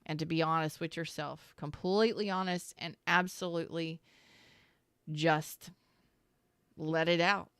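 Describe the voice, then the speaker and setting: A woman's voice: low voice, fairly even intonation, measured pace, pauses often, fairly bright tone, clean tone, no room sound, studio quality. A woman giving a casual, heartfelt tarot reading, talking straight to the listener in an earnest, emotional way, often repeating herself and swearing now and then. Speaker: tarot reader.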